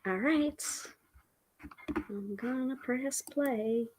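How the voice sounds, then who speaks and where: A woman's voice: on the high side, drawn-out words, a little mellow, a little hiss or hum. A woman hosting a livestream, talking in a chatty, rambling way that often interrupts itself. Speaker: host. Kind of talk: casual livestream chat.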